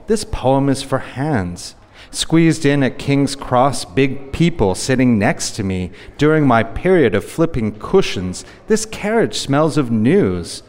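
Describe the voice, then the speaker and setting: A man's voice: mid-range voice, a little mellow. A man giving a live poetry reading, with a rhythmic, repetitive delivery. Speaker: poet. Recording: long hall reverb.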